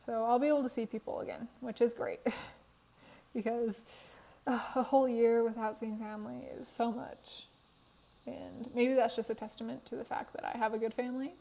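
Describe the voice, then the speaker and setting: Young female creator, mellow and a touch high, tired, chatty voiceover recorded on a phone in an apartment. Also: vocal fry, rough recording. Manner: chatty, laughs often, tired. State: tired, worn voice. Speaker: Sims speed build creator. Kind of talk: casual voiceover chat. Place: apartment room.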